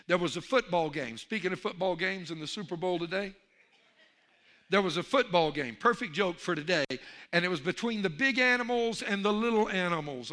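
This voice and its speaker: A man preaching a sermon as pastor, telling jokes with animated energy and calling out for amens. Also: high voice. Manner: animated storyteller, calls for amen.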